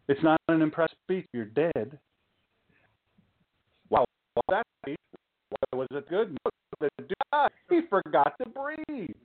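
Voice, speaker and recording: A man's voice: on the high side, sing-song, moderate pace, pauses often, narrow, tinny audio. Guy preaching casual sermon, jokey asides, voice jumps all over, sounds like it's coming through a phone. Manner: chatty, joking asides, rhetorical questions. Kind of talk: informal sermon talk.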